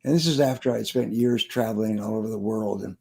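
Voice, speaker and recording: A man's voice: lowish voice, a little fast, creaky, darkish tone. A man, a sales trainer and motivational speaker, telling stories in an interview and repeating his key phrases for emphasis. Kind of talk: interview storytelling.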